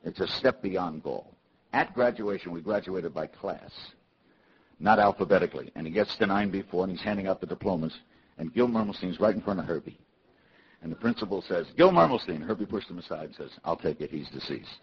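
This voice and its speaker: A man from New City, telling a comic story to a live audience with punchy, animated delivery. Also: low voice, a little fast, dull audio, slight background noise. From New York City. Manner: animated, punchy, swings between loud and hushed.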